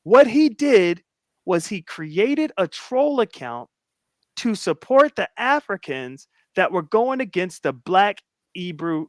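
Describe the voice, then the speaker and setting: A man casually recounting an argument on a livestream, emphatic and animated as he retells it. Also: high voice, takes it slowly, dry recording, studio quality. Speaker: YouTube commentator.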